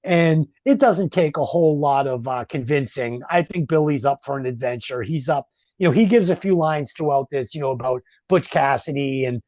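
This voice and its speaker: A man's voice: medium pitch, moderate pace, darkish tone, no echo, muffled recording. Guy on a podcast going over a movie plot, lots of ums, dry sound. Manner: rambling recaps with fillers. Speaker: podcast host. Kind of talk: casual movie review chat.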